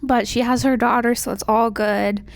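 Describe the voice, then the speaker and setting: A woman's voice: a little high, fairly even intonation, normal speed, creaky, dry recording. A young woman casually recapping a novel's plot, chatty and full of "like", acting out the characters' lines. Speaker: book vlogger.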